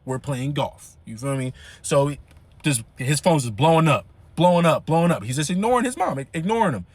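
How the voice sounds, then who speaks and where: A young man tells a story to the camera in a high, lively voice full of slang and fillers. His pitch bounces around constantly, and the sound is close and dry. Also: brisk, dry recording. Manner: animated, slangy, frequent fillers. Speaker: vlogger. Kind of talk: casual storytelling.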